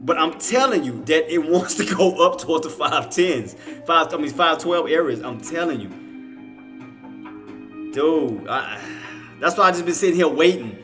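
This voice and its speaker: A man rambles through live trading commentary, talking to himself and laughing often. His voice is bright and a little high. Faint music plays underneath. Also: expressive, normal speed. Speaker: stock trading streamer.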